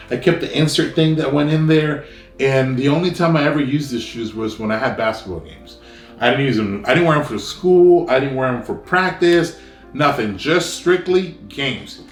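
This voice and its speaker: A man's voice: medium pitch, moderate pace, reverberant, soft background music. A man in his thirties with an American accent, casually telling a rambling childhood story full of fillers. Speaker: vlogger.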